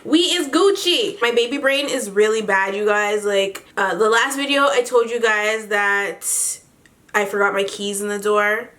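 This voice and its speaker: A woman's voice: medium pitch, fairly even intonation, a little slow, a bit bright. A young pregnant woman gives a casual update to her viewers. She is slangy and chatty and laughs often. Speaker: vlogger.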